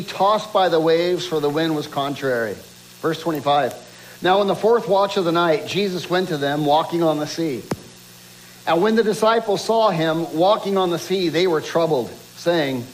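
A man's voice: slight background noise, low-quality recording. A man preaching a sermon, reading scripture aloud and building emphasis with rhetorical questions. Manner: reads scripture aloud, drops low and quiet for quoted lines. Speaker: pastor.

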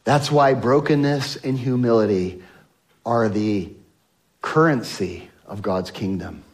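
A male pastor preaching a sermon to his congregation on a microphone, swinging between loud emphasis and soft, slow lines. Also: medium pitch. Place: church sanctuary with congregation.

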